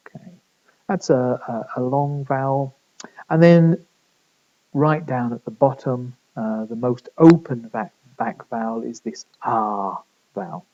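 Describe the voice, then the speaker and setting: A man's voice: medium pitch, slow pace, warm tone, muffled recording. Hesitant man with a northern English accent. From Midlands of England. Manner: hesitant, many fillers and restarts. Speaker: linguistics lecturer. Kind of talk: recorded lecture.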